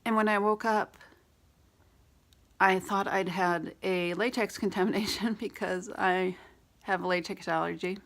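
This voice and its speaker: A woman beauty vlogger with a raspy voice, candidly telling a personal story in a rambling vlog with many fillers. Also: mid-range voice, steady tone, measured pace, a bit bright.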